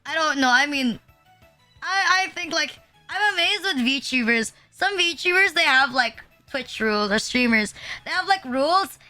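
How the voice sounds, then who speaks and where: A woman's voice: sits high, expressive, measured pace, sharp tone, faint music behind. A young woman VTuber chatting casually on a live stream, rambling and blunt, with lots of filler words and swearing.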